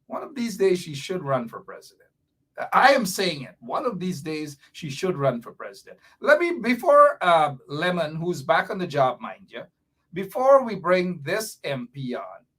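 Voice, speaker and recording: A man hosting a live political talk show, chatty and animated with laughing asides. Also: a little high. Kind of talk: casual live-show chat.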